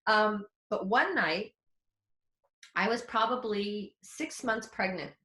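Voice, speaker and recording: Slow and mid-range in voice, a woman in her forties who teaches psychic development shares a story in a webinar. She's animated and frank, swears mildly, and the audio sounds roomy.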